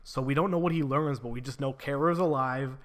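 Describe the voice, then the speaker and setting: A man's voice: medium pitch, fairly quick. A man giving a casual spoken book review, retelling the plot with frequent swearing and lots of filler words.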